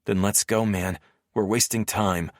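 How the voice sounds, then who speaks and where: A man's voice: fairly low pitch, fairly even intonation, measured pace, dry recording, clean studio sound, close to an everyday voice. A man voicing an impatient young mob brother who talks bluntly and curtly, in an audiobook. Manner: blunt, curt. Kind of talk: audiobook character voice.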